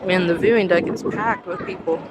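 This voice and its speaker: A woman's voice: lowish voice, moderate pace, far from the mic, over a noisy crowd, heavy background noise. Chatty woman travel vlogger, roomy sound. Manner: chatty, gushing exclamations. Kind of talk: casual vlog chat. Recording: roomy sound from off-mic with faint ambience.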